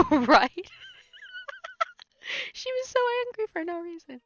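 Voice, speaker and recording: A woman's voice: very high-pitched, wildly swooping pitch, slow. A woman streaming a game, chatting casually, rambling with lots of fillers and laughing often. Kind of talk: casual chat while playing a game live. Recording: dry, slightly muffled with faint music.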